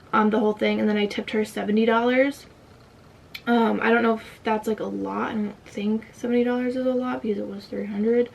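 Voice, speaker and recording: A woman's voice: a little high, distant mic. A young woman telling a personal story in a casual vlog, emotional and fighting back tears, with many "like" fillers. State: tight throat from holding back tears. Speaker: vlogger.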